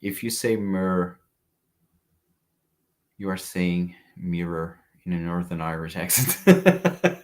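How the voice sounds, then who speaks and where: Very low-voiced man reviewing fragrances. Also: lively intonation, slow, pauses often, a little mellow. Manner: chatty, reads live chat comments aloud. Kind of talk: casual livestream review.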